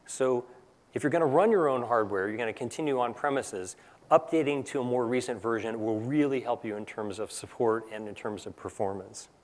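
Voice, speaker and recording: A man's voice: mid-range voice, brisk, big-room sound. A man giving a conference presentation in a casual, conversational way, tagging points with "right?". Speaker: technical presenter. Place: large conference hall.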